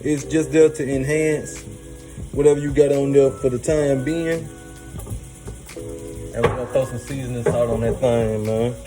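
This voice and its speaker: A man's voice: medium pitch, fairly even intonation, moderate pace, pauses often, rough recording. A man hosting a casual cooking demo, hyped and slangy, talking straight to his viewers from a kitchen. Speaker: cooking show host. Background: music playing.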